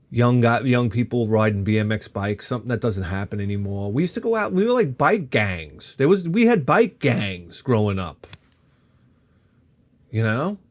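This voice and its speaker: A man in his fifties telling a rambling comic story as a vlogger, animated and quick to swear, jumping from one tangent to the next. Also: mid-range voice. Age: 50s. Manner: animated, swears freely, jumps between tangents.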